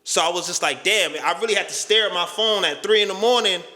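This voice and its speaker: A man's voice: high-pitched, quick pace, pushed and bright, roomy sound. A man giving a casual motivational talk in street slang, emphatic and profane. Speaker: motivational YouTuber.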